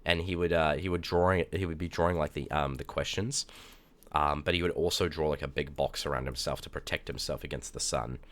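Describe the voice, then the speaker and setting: A young man streaming live, chatting casually with viewers, telling rambling stories and bursting out in loud, cursing reactions. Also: extremely low pitch, a little fast. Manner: animated, with loud cursing outbursts and rambling anecdotes. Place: indoors at a streaming setup.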